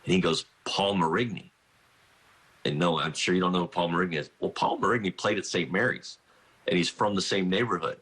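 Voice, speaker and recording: A man's voice: deep voice, fairly quick, a bit bright, slightly rough. A middle-aged man, a college basketball coach, telling rambling anecdotes in a radio interview, often restarting sentences and laughing. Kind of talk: phone-in radio interview, storytelling.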